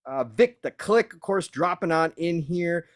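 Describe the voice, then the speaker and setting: A man's voice: a little high, animated, unhurried. A man hosting a live podcast, upbeat, greeting viewers and laughing easily. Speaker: podcast host. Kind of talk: live-stream podcast chat.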